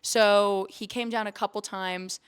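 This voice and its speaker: A young woman streamer speaks in a mid-range, steady voice at a measured pace, with a clean tone. On her vlog she shares a candid, emotional story, swearing casually and coming close to tears.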